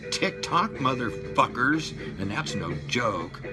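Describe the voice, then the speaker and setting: A man in his sixties ranting and swearing at his viewers, loud one moment and muttering low the next. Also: big pitch swings, takes it slowly. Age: 60s. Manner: fired-up, profane, swings between shouting and low mutters. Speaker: vlogger. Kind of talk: profane rant to camera. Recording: music playing behind the voice.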